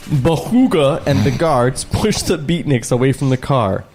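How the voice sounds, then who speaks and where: A man co-hosting a comedy podcast, reading a screenplay aloud with sarcastic, deadpan asides. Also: mid-range voice, moderate pace, few pauses. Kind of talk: comedic table read with commentary.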